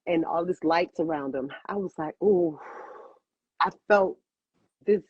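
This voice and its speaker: A woman's voice: on the low side, normal speed, husky, dry recording, muffled recording. A woman in her fifties, a cigar bar owner, telling a personal story with feeling as an interview guest and repeating phrases for emphasis.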